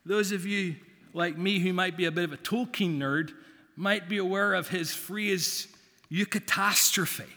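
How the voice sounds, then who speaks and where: A pastor preaching a sermon in a church, measured and deliberate, with long pauses for emphasis. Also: male voice, high-pitched, sharp tone. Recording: long reverb of a church hall.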